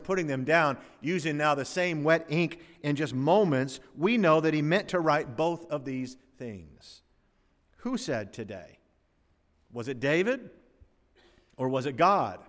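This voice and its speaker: A man preaching a sermon and reading scripture aloud, swinging from loud emphatic rises to hushed, slow passages. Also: on the high side, big-room sound. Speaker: pastor.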